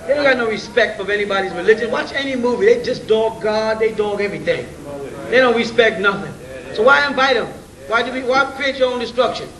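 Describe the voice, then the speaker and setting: High-voiced man lecturing, slangy and joking. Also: expressive, fairly quick, a crowd in the background. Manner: slangy, joking, full of rhetorical questions; chuckles between points. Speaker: lecturer addressing an audience. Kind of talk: informal spoken lecture. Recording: roomy, distant, faint hiss.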